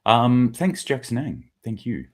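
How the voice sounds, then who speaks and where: A man's voice: medium pitch, very animated, a little slow, darkish tone. A middle-aged man hosting a solo news commentary, blunt and sarcastic, acting out quotes in mock voices.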